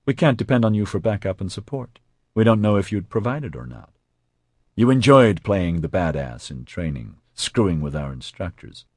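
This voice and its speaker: A man's voice: low voice, very animated, normal speed, darkish tone, slightly rough, dry recording, clean studio sound, full character voice. A man playing a blunt, cold male soldier. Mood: stern. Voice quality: cold, cutting.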